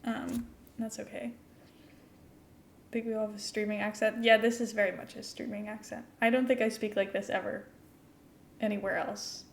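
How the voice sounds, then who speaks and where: A woman's voice: medium pitch, flat delivery, moderate pace, gravelly, pauses often. A young woman with an international-school American accent, chatting casually and giggling as she streams a game and answers her chat. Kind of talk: casual chat while playing a game live.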